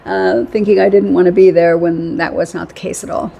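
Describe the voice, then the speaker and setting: A woman's voice: lowish voice, level tone, fairly quick, vocal fry, mellow, lo-fi sound, a little hiss or hum. A middle-aged woman telling a rambling story in a casual vlog, chatty, laughing often and repeating phrases for emphasis. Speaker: vlogger.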